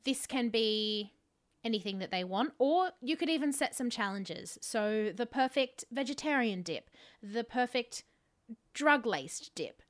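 A woman podcast co-host pitching a show in improvised comedy, with a deadpan, salesy delivery. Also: unhurried.

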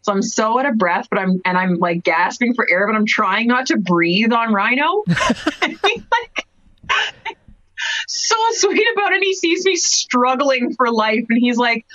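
A woman in her thirties from Cape Breton, telling stories casually in an interview, full of "like"s and quick laughs. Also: fairly high pitch, animated, fairly bright tone, dry recording. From Canada, Cape Breton. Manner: chatty storyteller, many "like"s, laughs often. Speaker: guest wrestler. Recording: dry, dull lo-fi podcast audio.

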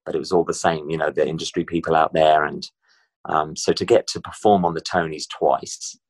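Guy with a really low voice, middle-aged, chatty and lively in an interview. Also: fairly quick. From Britain. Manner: chatty, animated storyteller. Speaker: guest performer. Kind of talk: casual interview chat.

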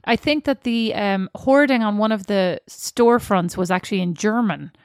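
A playful woman chats through a film review, teasing and wandering off track. Her pitch sits in the ordinary middle range. The recording is dry and close. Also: normal speed, no room sound. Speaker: podcast co-host. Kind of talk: casual chat reviewing a film.

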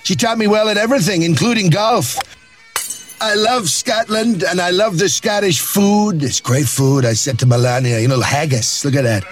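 A man's voice: high voice, normal speed, soft background music, close to an everyday voice. A man impersonating a brash, boastful older male politician who rambles and praises himself.

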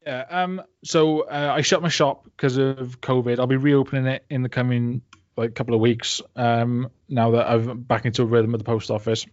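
A man's voice: medium pitch, little pitch movement, moderate pace, a little mellow. A man speaking as a guest in a casual interview, rambling with lots of fillers and swearing freely. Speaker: interview guest, comics creator. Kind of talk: casual podcast chat. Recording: dull lo-fi, dry.

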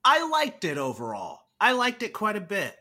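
A man's voice: high-pitched, huge pitch swings, moderate pace, bright, forceful tone. A man co-hosting a movie podcast, chatting casually in a giggly, playful way. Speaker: podcast co-host. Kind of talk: casual chat.

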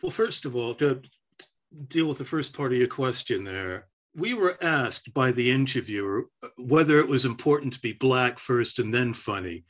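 A man's voice: mid-range voice, lively intonation, normal speed, fairly bright tone. An older man, a former stand-up comedian, giving a reflective interview with frequent restarts. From half American, raised on air force bases. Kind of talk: oral history interview.

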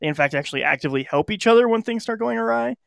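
A man's voice: high-pitched, animated, very fast, gravelly, dry recording, clean studio sound. A man co-hosting a podcast in a laid-back, chatty way, laughing often. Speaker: podcast co-host. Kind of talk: casual chat.

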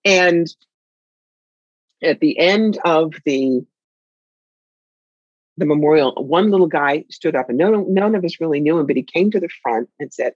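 Low-pitched and slightly rough, this woman speaks at a measured pace with long pauses; the recording has no room sound and its highs are cut off. An author appearing as a guest, she tells family stories in a candid, reflective way, stressing points with lively emphasis.

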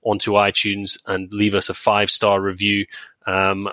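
A man's voice: on the low side, completely flat delivery, a little slow, sharp tone, no room sound. A man hosting a casual podcast, wry and chatty, with plenty of ums. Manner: wry, chatty, reading out plugs with many ums. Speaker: podcast host.

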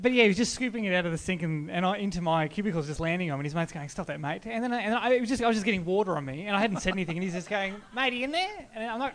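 A man, a comedian guest telling a rambling anecdote in casual chat, often restarting and laughing. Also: high voice. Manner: rambling, self-interrupting, laughing through the story. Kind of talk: casual storytelling.

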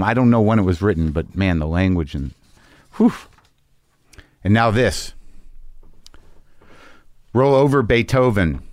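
A man talks in a loose, conversational way, with fillers and restarts, and then reads verse aloud slowly and with expression. His voice sits in a middle pitch. The recording is close and dry. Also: no echo. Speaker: poetry reader. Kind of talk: casual reminiscence and poetry reading aloud.

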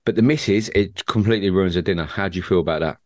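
Deep-voiced rambling bloke. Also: male voice, quick pace, no echo. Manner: rambling storyteller, laughs at own tales. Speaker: podcast co-host. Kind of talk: casual chat.

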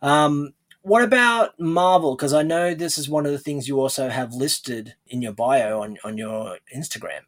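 A man hosting an interview podcast, chatting casually and rambling with restarts and laughs. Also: mid-range voice. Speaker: podcast host.

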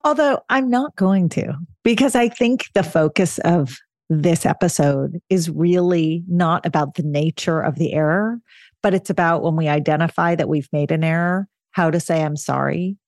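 A woman's voice: lowish voice, a little mellow, no echo. A woman co-hosting a podcast who teases her partner with dry quips and then speaks thoughtfully about the episode's focus. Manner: wry, teasing interjections, then reflective. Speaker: podcast co-host. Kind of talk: casual chat.

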